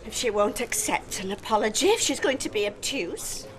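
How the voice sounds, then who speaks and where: A woman's voice: a little high, animated, moderate pace, lightly acted. An actress playing an indignant young mother who scolds her noisy neighbours sharply. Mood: resigned.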